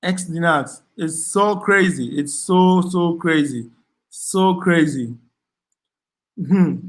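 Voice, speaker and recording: A man's voice: a little high, slow. Ghanaian man hosting a casual live chat. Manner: reads out comments and thanks viewers, frequent ums and repeats. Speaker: livestream host reading viewer chat.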